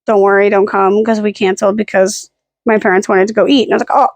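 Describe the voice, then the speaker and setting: A woman's voice: medium pitch, little pitch movement, quick pace, no room sound. A woman rambling through a casual vlog, self-deprecating and full of "like" and "um" fillers, filming herself at home with the camera held at arm's length. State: hiccuping and burping. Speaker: vlogger.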